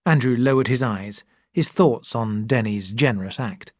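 A narrator reading a story slowly and clearly for English learners. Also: mid-range voice, dry recording, clean studio sound.

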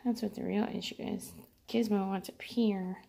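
A woman's voice: medium pitch, steady tone, moderate pace, creaky, mellow. A woman in her home kitchen, casually chatting and laughing while she talks to her cats and films them. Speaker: vlogger filming her cats. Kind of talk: casual home vlog chat.

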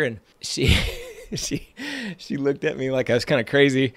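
A man's voice: mid-range voice, brisk, dry recording. Fired-up motivational man, dry sound. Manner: energetic, emphatic, repeats phrases for effect. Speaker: podcast host and trading coach. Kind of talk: motivational podcast monologue.

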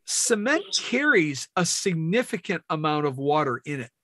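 A man's voice: fairly high pitch, big pitch swings, moderate pace, pushed and bright, no echo, studio quality. A man leading a team training meeting, explaining step by step and asking questions of the room.

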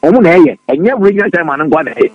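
Fast, excitable man on studio radio. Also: a little high, dull audio. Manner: fast, excitable, many repeated words. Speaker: radio talk show panelist. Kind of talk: animated political radio discussion.

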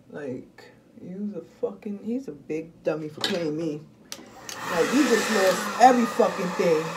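Woman, profane, blunt vent, muttering to loud, casual vlog, hair dryer noise. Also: on the low side. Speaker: vlogger. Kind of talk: casual venting to camera.

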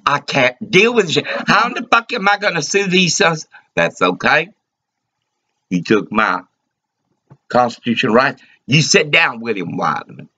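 A man's voice: medium pitch, very animated, moderate pace, sharp tone. A man delivering an agitated, rambling, profane rant to the camera. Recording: dull lo-fi recording.

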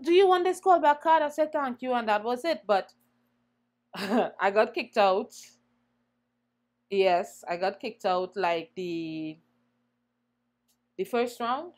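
A young woman singer, a guest in an interview, telling her story in an animated way and acting out the voices she quotes. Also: on the high side. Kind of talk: conversational storytelling.

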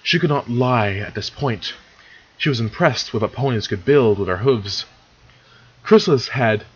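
Husky man reading a story aloud. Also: mid-range voice, muffled recording. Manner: stumbling, self-correcting, chatty asides. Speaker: fan fiction reader. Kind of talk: casual read-along narration.

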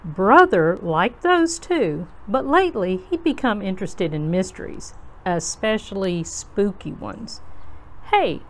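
A woman reading a children's storybook aloud to kids as host, in a slow, gentle, expressive way. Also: mid-range voice, slight background noise.

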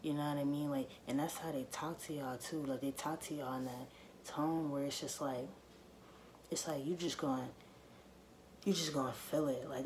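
A woman's voice: sits low, a little mellow, slight background noise. A woman vlogger in a casual to-camera monologue, speaking emphatically and repeating her points straight to her viewers.

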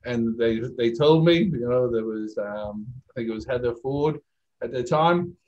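A man's voice: mid-range voice, moderate pace, a little mellow, muffled recording. Irish guy, middle-aged, rambling through funny stories, laughs a lot. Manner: chatty, laughs between anecdotes, self-deprecating. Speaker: guest, speaker agency owner. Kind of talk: casual interview storytelling.

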